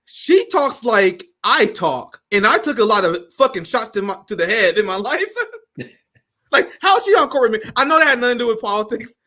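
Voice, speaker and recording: Chill streamer dude, high bright voice, slangy and jokey. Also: male voice, very animated, a little fast. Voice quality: says he has a speech impediment. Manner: laid-back slangy, laughs often. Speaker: livestream host. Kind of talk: casual livestream chat.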